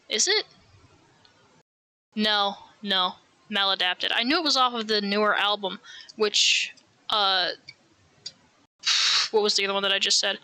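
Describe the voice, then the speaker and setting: A woman's voice: medium pitch, sharp tone, dry recording. An American woman streaming live while knitting, chatting casually in rambling, self-mocking asides.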